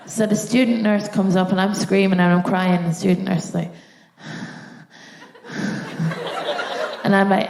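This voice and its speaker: A woman's voice: medium pitch, slow, vocal fry, long pauses. Irish woman doing stand-up in a roomy theatre. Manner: animated storytelling with acted-out voices. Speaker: stand-up comedian. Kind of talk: live stand-up set. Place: theatre stage before a live audience. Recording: roomy live theatre sound.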